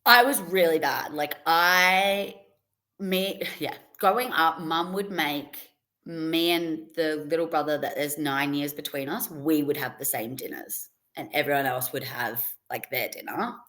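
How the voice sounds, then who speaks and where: Young woman guest, low voice, loose chatty storytelling with laughs. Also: unhurried, a bit bright. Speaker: podcast guest. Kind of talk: casual interview chat.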